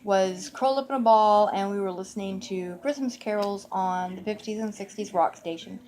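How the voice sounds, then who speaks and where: A woman's voice: mid-range voice, moderate pace, a little mellow, a little hiss or hum. A middle-aged woman telling a childhood story in a meandering, conversational way, full of asides and fillers. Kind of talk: personal storytelling.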